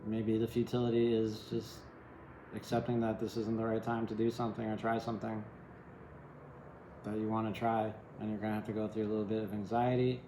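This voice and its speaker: Speaking fairly quickly over a noisy background, a man with a fairly low voice and little pitch variation gives a tarot reading in an echoey room. His style is casual and rambling, full of "right?" and wry digs at himself.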